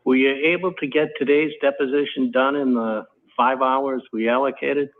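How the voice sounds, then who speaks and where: A man's voice: mid-range voice, steady tone, normal speed. Firm man judge on a tinny call line. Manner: firm, direct questioning. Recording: tinny video-call audio.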